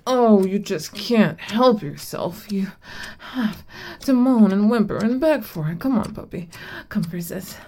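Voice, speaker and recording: A domineering older-sister figure voiced by a woman in an adult audio role-play. She speaks slowly and teasingly, with a gravelly, fry-edged tone. Her manner is commanding and breathy. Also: medium pitch, expressive, mellow.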